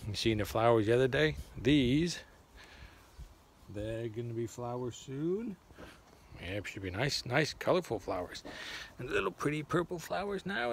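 A cheerful man films his garden on a handheld phone and chats to a child in a bouncy, singsong voice. He talks about himself in the third person. Faint outdoor sounds sit quietly behind him. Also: fairly low pitch, slight background noise. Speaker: vlogger talking to a child. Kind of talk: playful garden vlog.

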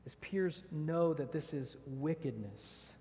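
With a long church reverb around him, a pastor earnestly preaches verse by verse, reading scripture aloud and raising rhetorical questions. His mellow voice has a fairly high pitch, and he takes it slowly.

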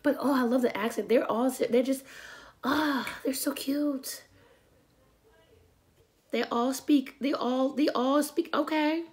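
A woman's voice: high-pitched, slow pace, long pauses, a little mellow. A woman hosting a reaction video, chatty and rambling, laughing often. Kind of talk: casual reaction commentary.

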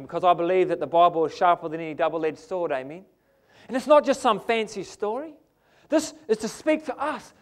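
A man with a New Zealand accent preaching a sermon in a church, emphatic and asking the congregation "amen?". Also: high voice.

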